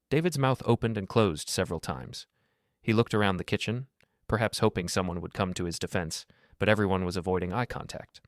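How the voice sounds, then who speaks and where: A male narrator with a low, deep voice reads a scripted drama story in a measured, dramatic way. The sound is close and dry. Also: dry recording.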